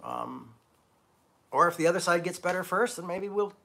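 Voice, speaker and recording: Middle-aged guy preaching loose and casual, kinda high voice, blunt and candid. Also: huge pitch swings, moderate pace, creaky, bright, forceful tone. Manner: blunt, emphatic and candid, with casual swearing and self-deprecating laughs. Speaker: pastor of an online church. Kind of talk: informal conversational sermon.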